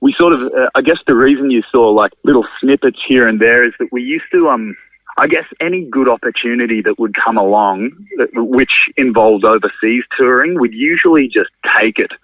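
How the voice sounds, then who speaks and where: A man's voice: mid-range voice, brisk, no room sound. A man, a drummer and venue owner, chatting casually as a podcast guest, rambling and swearing freely. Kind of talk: casual conversational interview. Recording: narrow phone-like sound, dry.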